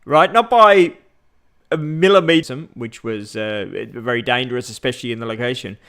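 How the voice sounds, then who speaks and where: A man's voice: medium pitch, normal speed, fairly bright tone, smooth. Rambling Australian man chatting live. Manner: rambling, many fillers, greets viewers mid-story. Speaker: vlogger. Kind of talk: casual livestream chat.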